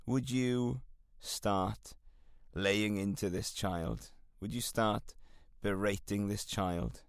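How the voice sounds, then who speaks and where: A man's voice: lowish voice, lively intonation, takes it slowly, clean tone, dry recording, studio quality. A man with a Welsh accent hosting a solo self-help podcast, talking to listeners in an earnest, encouraging coaching way. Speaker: podcast host.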